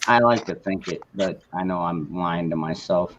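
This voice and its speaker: A man's voice: deep voice, normal speed, a crowd in the background. Joking man on lo-fi stream audio. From southwestern Arizona. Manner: jokey, relaxed. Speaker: stream host. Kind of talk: casual chat.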